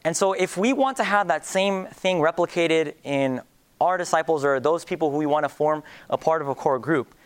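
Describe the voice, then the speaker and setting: A man's voice: on the high side, normal speed. A young man preaching a sermon in an earnest way, with many fillers and restarts.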